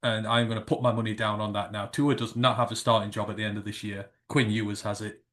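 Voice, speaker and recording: A British man co-hosting a casual live sports stream, teasing and animated. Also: on the low side, quick pace. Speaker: podcast co-host.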